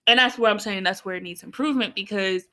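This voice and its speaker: Bright-voiced woman, blunt and teasing. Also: mid-range voice, quick pace. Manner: blunt, teasing, animated storytelling with quoted asides. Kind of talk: casual chat.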